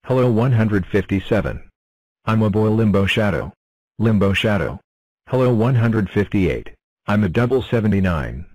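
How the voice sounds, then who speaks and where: Number block for a cartoon, male voice, low and dry, stiff self-introductions. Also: normal speed, no echo, rough recording. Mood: plain. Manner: announces itself in short flat sentences. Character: cheerful talking number block.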